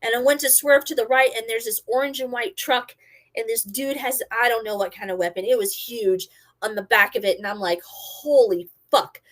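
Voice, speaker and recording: A middle-aged woman and former army medic, casually telling a story and acting out her own quotes loudly. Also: a little high, fairly even intonation, brisk.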